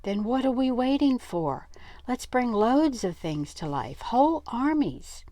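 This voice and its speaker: A woman voicing an excitable, eager boy who is easily awed. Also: a little high, unhurried, no echo, pitched above the performer's own voice. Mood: excited.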